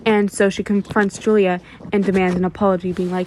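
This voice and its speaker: A woman's voice: medium pitch, level tone, fairly quick, hardly any pauses, a little mellow, a little hiss or hum. A woman casually retelling a comic's plot, stringing events together and often restarting her sentences. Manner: frequent restarts and self-corrections. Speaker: webtoon recap creator. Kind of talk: casual story recap.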